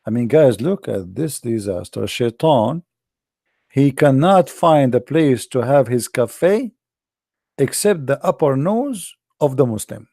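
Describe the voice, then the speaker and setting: Gravelly man with a mocking tone. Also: mid-range voice, big pitch swings, slow, warm tone, no room sound, studio quality. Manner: mocking, theatrical, with mock sneezes and sung lines. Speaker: online religious commentator. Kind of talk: sarcastic monologue.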